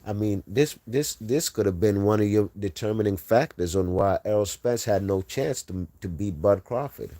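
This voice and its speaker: A man's voice: fairly low pitch, normal speed, hardly any pauses, mellow, dry recording. A man hosting a casual boxing livestream, reading chat aloud and talking trash.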